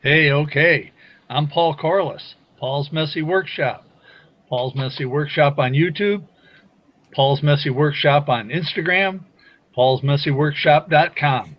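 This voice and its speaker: A man's voice: fairly high pitch, measured pace, lo-fi sound. A man guesting on a panel over a call, joking about himself. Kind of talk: casual chat.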